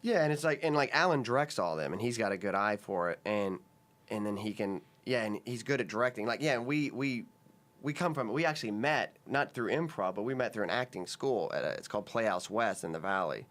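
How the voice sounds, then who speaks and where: A man with a fairly low voice talks casually as a podcast guest. He rambles through his stories, restarting sentences and piling up fillers. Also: lively intonation, a little fast, a bit bright. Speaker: sketch comedian guest.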